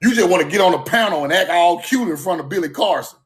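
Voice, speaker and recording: Fired-up man, high voice, livestream rant from home, loud and profane, "bro" every line. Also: expressive, fast talker. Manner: loud, fired-up, repeats "bro", swears, laughs between points. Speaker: livestream host.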